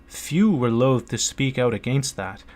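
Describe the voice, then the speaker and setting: An earnest merchant pressing his case to a prince in an audiobook, read by a man. The voice sits at an ordinary male pitch and leans forward with a pleading, persuasive push, keeping the reading plain rather than theatrical. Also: animated, unhurried, darkish tone, natural voice. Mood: urgent.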